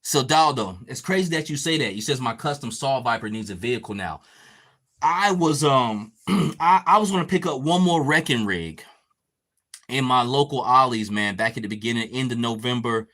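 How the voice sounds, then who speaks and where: On a casual podcast, the host reads chat comments, swears a lot, and keeps the talk loose while painting a figure. His mid-range voice is fairly bright, with lively intonation at a moderate pace.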